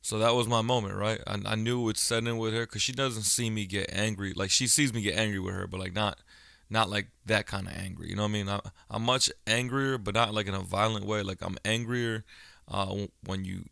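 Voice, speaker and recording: A man's voice: fairly low pitch, fairly even intonation, brisk, gravelly, pushed and bright, smooth, dry recording, clean studio sound. A man in his thirties talking casually on his own podcast, a blunt storyteller who swears freely. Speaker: podcast host. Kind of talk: casual solo podcast monologue.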